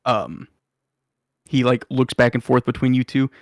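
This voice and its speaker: A man's voice: mid-range voice, measured pace, dry recording, clean studio sound. A man narrating a tabletop game as game master in a casual, loose manner. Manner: casual, filler-heavy narration.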